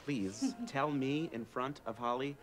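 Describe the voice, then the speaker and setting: A man's voice: medium pitch, measured pace, a crowd in the background, natural voice. An actor playing a vain, dramatic young man, theatrical and self-pitying in a sitcom scene. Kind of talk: sitcom acting.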